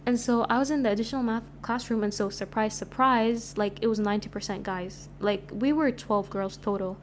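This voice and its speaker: Chatty young woman, high voice. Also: fairly quick, slight background noise. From Sudan. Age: 20s. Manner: chatty, animated, lots of filler "like". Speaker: podcast host. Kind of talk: casual storytelling.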